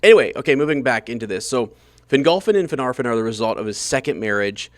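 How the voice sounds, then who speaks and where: Male podcast co-host, mid-pitch, dry close sound; loose, giggly, stumbles on names. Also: lively intonation, fast, dry recording. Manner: laughs often, stumbles over names. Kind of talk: casual chat about a book.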